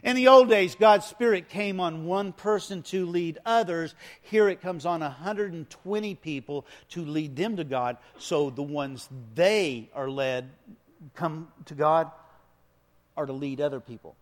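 A man preaching a sermon as pastor, swinging from hushed lines to loud, emphatic ones. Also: fairly high pitch, measured pace, long reverb tail.

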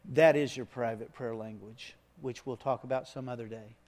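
A man preaching a sermon as pastor, swinging from hushed lines to loud, emphatic ones. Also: medium pitch, fairly even intonation, normal speed, long reverb tail.

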